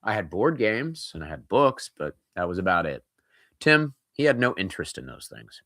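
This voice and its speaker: A man's voice: fairly low pitch, sing-song, normal speed, fairly bright tone, no echo, clean studio sound. A man reading a scary story aloud, breaking in with casual, joking asides.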